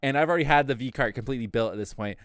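A man's voice: mid-range voice, very fast, no room sound, clean studio sound. A young man telling a work story in casual chat, swearing freely and acting out what others said. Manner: animated, profane, acts out quotes.

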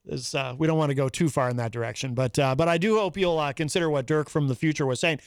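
A man hosting a casual call-in radio show, talking haltingly with many fillers and amused laughs. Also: on the high side, clean tone, dry recording, studio quality. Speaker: radio host.

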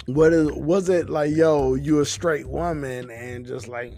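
A man's voice: a little high, measured pace, creaky, hardly any pauses, mellow, soft background music. A man hosting a casual, rambling monologue, a little intoxicated, talking in a profane, laid-back way. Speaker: podcast host.

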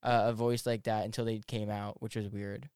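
A man's voice: lowish voice, clear, resonant tone, no echo, clean studio sound. A man hosting a casual podcast chat, talking animatedly and swearing freely. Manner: animated, swearing, quick laughs. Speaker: podcast host.

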